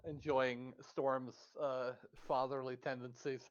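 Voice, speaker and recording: A man playing in a tabletop game, chatting casually in an animated, rambling way with frequent self-corrections. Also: mid-range voice, takes it slowly, smooth, lo-fi sound. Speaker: player.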